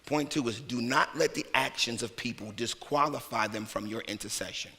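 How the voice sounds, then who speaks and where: Male minister, lively conversational sermon, crisp bright tone, long church reverb. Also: medium pitch, normal speed. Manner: conversational, colloquial preaching with playful put-on voices. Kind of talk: lively sermon with acted asides. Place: church sanctuary.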